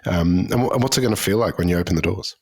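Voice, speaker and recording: A man hosting a food podcast, asking measured interview questions with small restarts. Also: sits low, darkish tone, husky. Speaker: podcast host.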